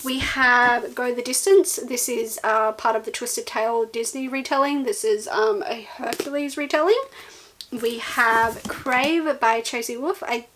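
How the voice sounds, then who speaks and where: A woman with a somewhat high voice chats through her bookshelf. She rambles casually and fills pauses with ums, keeping an easy, unscripted flow. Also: fairly even intonation, fairly bright tone, slight background noise, rough recording. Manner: chatty, rambling, with ums and laughs. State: running out of breath. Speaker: booktuber. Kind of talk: casual book haul chat.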